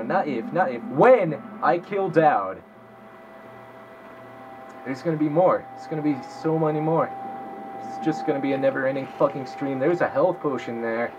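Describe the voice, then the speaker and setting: A man's voice: on the high side, muffled recording, noisy background. A young man giving casual, profanity-laden let's-play commentary, talking to himself as he plays. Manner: swears a lot, talks to himself while playing. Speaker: gameplay commentator.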